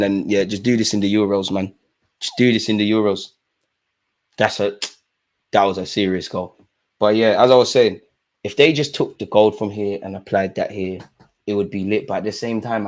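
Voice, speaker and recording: Excitable young man calling a match. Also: lowish voice. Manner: excitable, shouts at the referee, casual slang. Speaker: live watch-along host. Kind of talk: live football watch-along commentary.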